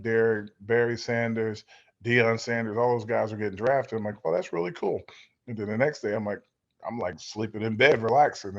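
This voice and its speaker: A middle-aged man and former football player, telling stories as a guest in a relaxed interview, rambling and acting out the voices of people he quotes. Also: lowish voice, dull audio. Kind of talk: storytelling in a casual interview. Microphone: video call.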